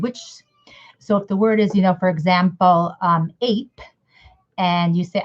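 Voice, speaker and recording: A woman's voice: fairly low pitch, moderate pace. A woman giving a casual, rambling lesson to parents, often acting out little mock dialogues. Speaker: educator. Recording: slightly dull lo-fi audio.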